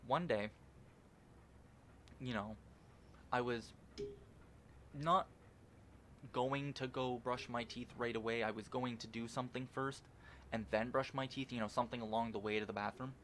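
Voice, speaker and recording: A man's voice: mid-range voice, steady tone, normal speed, long pauses, fairly bright tone, slight background noise. A young man casually rambling through gameplay commentary at home, swearing often and restarting sentences with lots of fillers. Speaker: gaming channel host.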